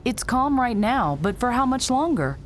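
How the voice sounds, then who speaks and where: A woman's voice: fairly high pitch, very animated, moderate pace, a little hiss or hum. A woman voicing a stubborn young time traveler in a game, brushing off every warning. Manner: headstrong, brushes off concern. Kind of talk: game voice acting.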